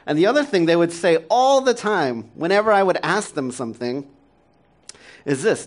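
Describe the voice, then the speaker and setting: A man's voice: fairly high pitch, animated, moderate pace. A man in his thirties, a pastor preaching a sermon in a conversational, self-deprecating way, often laughing and using fillers.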